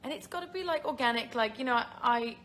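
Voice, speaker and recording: A young English actress reads fan questions and chats casually on a phone livestream, often laughing and using filler words. Her voice is on the high side and a bit bright, and she talks at a quick pace.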